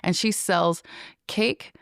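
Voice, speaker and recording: A woman's voice: lowish voice, fairly even intonation, slow, no echo, studio quality. A middle-aged woman hosting her own podcast, talking casually to listeners in a rambling, playful and self-mocking way. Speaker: podcast host. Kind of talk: casual solo podcast monologue.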